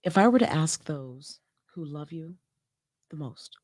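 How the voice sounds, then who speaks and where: Low-voiced affirming woman podcast host. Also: animated, unhurried, darkish tone, no echo, clean studio sound. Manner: affirming, lots of "yes" and "I love that". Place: podcast studio.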